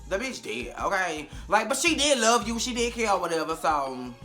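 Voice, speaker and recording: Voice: medium pitch, sing-song, normal speed, music in the background. A vlogger doing a casual, sassy and profane recap of a TV episode, acting out the characters' lines.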